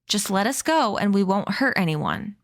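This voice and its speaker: A woman's voice: mid-range voice, expressive, moderate pace, natural voice. A woman voicing a haughty, commanding young girl in a read-aloud story, firm and proud.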